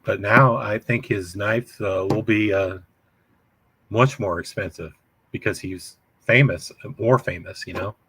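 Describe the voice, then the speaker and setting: A man hosting a casual livestream chat, talking in halting bursts with many restarts. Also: lowish voice, pushed and bright, a little hiss or hum. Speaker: livestream host.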